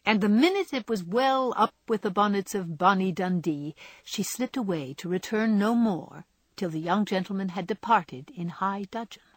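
A woman reading a classic novel aloud with measured, expressive storytelling. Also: medium pitch, dry recording. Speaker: audiobook narrator.

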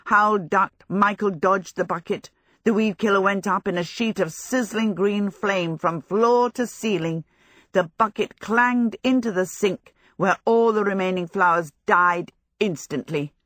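A woman reading a storybook aloud as narrator, in a measured, expressive storytelling manner. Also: mid-range voice, no room sound, studio quality. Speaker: audiobook narrator.

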